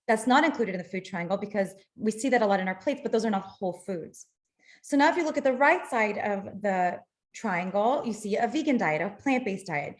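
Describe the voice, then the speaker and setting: A middle-aged woman presenting a webinar on nutrition, explaining in a practical way into a computer mic. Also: mid-range voice. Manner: explanatory, practical, apologetic when slides fail. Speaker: nutrition lecturer.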